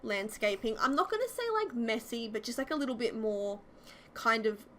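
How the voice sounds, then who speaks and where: A woman chatting over her video in a bright, bouncy voice that rises and falls a lot. She talks fast and fills her sentences with little fillers, giggling at herself. A faint hiss sits under the recording. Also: fairly high pitch, lively intonation. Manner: giggly and self-deprecating. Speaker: YouTuber. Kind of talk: casual voice-over commentary.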